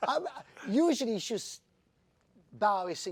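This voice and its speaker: A man in his fifties from Italy, a jockey telling stories in an interview, animated and laughing, acting out quoted voices. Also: high-pitched, takes it slowly, pauses often, very noisy. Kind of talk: storytelling in an interview.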